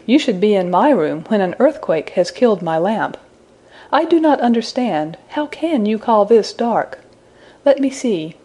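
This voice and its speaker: A woman voicing an innocent young woman in a storybook reading, speaking softly and soothingly. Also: mid-range voice, big pitch swings, unhurried, slightly rough. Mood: tender. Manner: soft, soothing and wondering. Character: innocent gentle young woman, tender and motherly.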